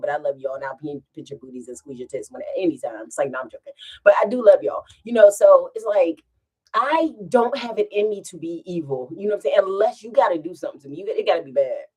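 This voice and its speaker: A woman vlogger chats casually at home in a slightly rough voice that sits on the low side. Animated and rambling, she tells a meandering story and laughs often.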